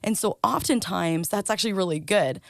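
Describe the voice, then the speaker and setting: A woman's voice: medium pitch, brisk, creaky, dry recording, studio quality. A woman, a pastor and counselor, leading a casual conversation with many fillers and probing questions. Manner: warm interviewer, frequent fillers, asks probing questions.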